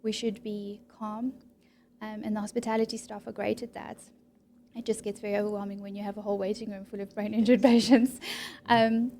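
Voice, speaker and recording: A woman clinical psychologist explaining her practice in a calm, measured interview manner. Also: fairly high pitch, a little hiss or hum. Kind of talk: professional interview.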